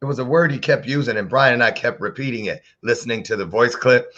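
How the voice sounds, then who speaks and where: A man's voice: medium pitch, fast, a bit bright. A man hosting a talk show, bantering playfully with a preacher-like flair over a video call. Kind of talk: casual interview chat. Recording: dull lo-fi sound.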